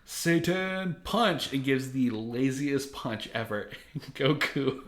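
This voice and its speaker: A man in the middle of his natural pitch, retelling a cartoon episode for a podcast with plenty of chuckles. He talks in a loose, animated way and jumps between lines. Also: slow, reverberant. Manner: animated, laughs often while retelling. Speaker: podcast co-host. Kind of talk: casual chat recapping an episode.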